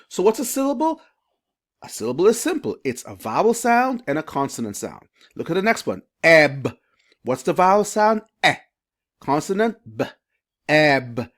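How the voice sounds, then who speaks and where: A reading teacher speaking to parents in an educational video, asking questions and slowly sounding out letters and syllables. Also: medium pitch. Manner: sounds out phonics slowly and asks the viewer questions.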